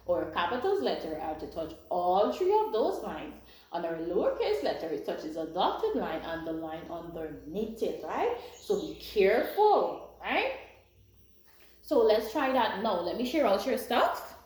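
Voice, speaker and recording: In a very echoey classroom with faint background noise, a woman teaches young schoolchildren in a sing-song, encouraging way, often checking in with "right?". Her slightly mellow voice is medium-pitched with big pitch swings, and she takes her time.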